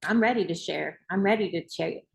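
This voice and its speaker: Gravelly-voiced woman hosting a book club. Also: fairly low pitch, brisk, low-quality recording. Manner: emphatic, repetitive and rousing. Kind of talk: reading aloud and motivational talk.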